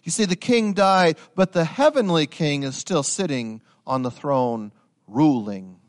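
A man delivers a sermon in a fairly high voice. He moves from quiet, measured explanation to loud, climbing bursts when he acts out a scene. He talks straight to his listeners. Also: animated. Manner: dramatic, swings from quiet to loud with rising pitch; addresses listeners as guys. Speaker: preacher.

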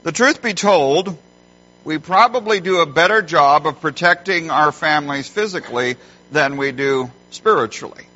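A middle-aged man preaching a sermon as a pastor, emphatic and animated when telling stories. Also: on the high side, moderate pace. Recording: dull lo-fi sound.

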